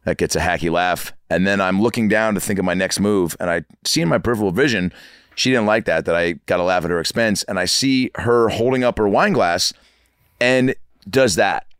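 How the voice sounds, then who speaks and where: A man in his thirties telling comic stories as a podcast guest, animated and acting out the people in them. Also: sits low, brisk, clean tone, no echo, clean studio sound. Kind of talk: comic storytelling. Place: podcast studio.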